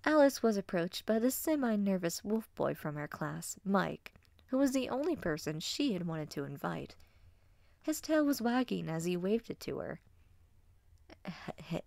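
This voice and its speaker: Gravelly woman reading a story. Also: lowish voice, dry recording. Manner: steady, expressive narration. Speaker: fanfiction reader.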